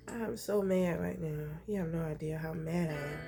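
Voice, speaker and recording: A woman's voice: low voice, normal speed, vocal fry, music in the background. A woman vlogging casually, venting with frustration and swearing freely while sick and nursing her throat.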